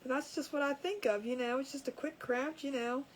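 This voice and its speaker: A high-voiced woman chats away while she works on a craft project, cracking herself up as she goes. Her talk is loose and rambling, and there is a faint hiss of background noise around her voice. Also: fairly even intonation, fairly quick, rough recording. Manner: chatty, laughs at her own jokes. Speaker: crafting livestream host. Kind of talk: casual chat while crafting. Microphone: camera over a crafting table.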